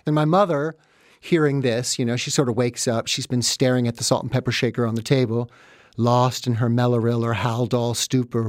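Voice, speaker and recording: A man telling a wry, self-mocking story about his childhood, with animated asides, recorded close and dry. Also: mid-range voice, normal speed, no echo, faint music behind. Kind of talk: first-person comic storytelling.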